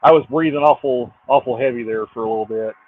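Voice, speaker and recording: A man's voice: medium pitch, fast. A man chatting casually as a guest, telling stories with dry humor. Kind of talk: casual chat. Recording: tinny phone-like line.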